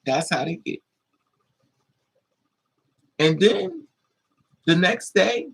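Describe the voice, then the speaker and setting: A man telling a story in a casual monologue, animated and acting out voices with high-pitched squeals. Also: drawn-out words, creaky, pauses often, breathy edge, low-quality recording. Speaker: live streamer.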